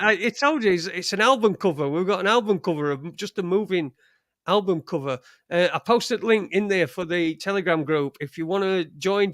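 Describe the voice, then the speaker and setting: A man's voice: high-pitched, a bit bright, no echo, studio quality. A man hosting a casual live chat show, rambling and swearing freely. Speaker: podcast host.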